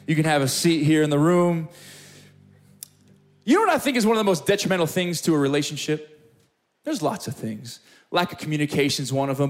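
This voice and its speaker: A young man preaching a sermon as pastor, telling a story with lively, acted-out moments in front of a room. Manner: animated storytelling, acting out scenes with big pitch jumps. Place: church hall with live audience.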